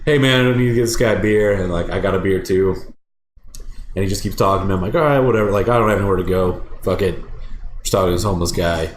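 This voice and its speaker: A man's voice: low-pitched, fast talker, reverberant, slight background noise. A man casually telling a rambling, profane story on a podcast, acting out the people in it.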